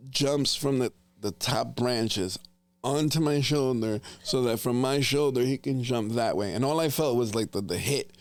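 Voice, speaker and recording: A middle-aged man from New Jersey hosting a casual family chat, telling hunting stories in an animated way with gasps and laughter. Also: medium pitch, unhurried, dry recording. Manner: animated, laughing storyteller with gasps and whispered asides. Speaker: podcast host, father.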